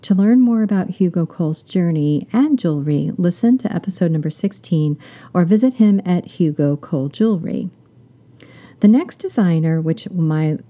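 A middle-aged woman hosting a jewelry podcast, talking fast and enthusiastically with small laughing asides. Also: lowish voice, dark tone. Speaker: podcast host.

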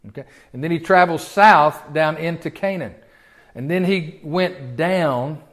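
A man teaching from the Bible in a sermon. He talks in a folksy, conversational way and asks the congregation lots of rhetorical questions. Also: fairly high pitch. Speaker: pastor.

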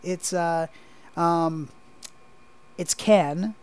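A man's voice: on the high side, extremely slow, a little mellow. A man co-hosting a casual podcast on a headset, rambling and hesitant with lots of fillers. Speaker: podcast co-host.

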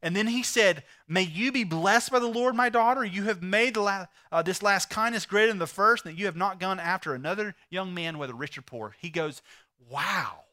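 A man preaching a sermon, retelling a story with animated voices for the characters. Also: sits high, brisk, few pauses. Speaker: pastor.

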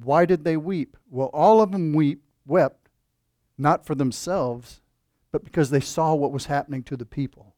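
A man's voice: a little high, moderate pace, a little mellow, no echo, studio quality. A man preaching a sermon in a conversational way, with asides and rhetorical questions to the congregation. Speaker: pastor.

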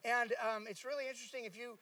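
A man's voice: extremely high pitch, fairly even intonation, fast talker, bright, forceful tone, no echo, far from the mic, low-quality recording. A man giving a casual sermon, telling a personal story with many fillers and asides. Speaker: preacher.

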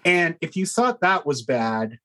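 Casting: sardonic podcast co-host, relaxed chat, mid pitch. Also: a little slow. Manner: mocking, animated. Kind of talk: casual chat.

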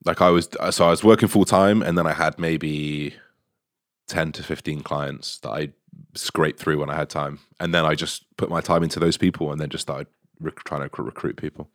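Deep-voiced guy telling stories. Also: normal speed, no echo, studio quality. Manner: animated, swearing, laughing storyteller. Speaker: online fitness coach, guest. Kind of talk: casual podcast storytelling.

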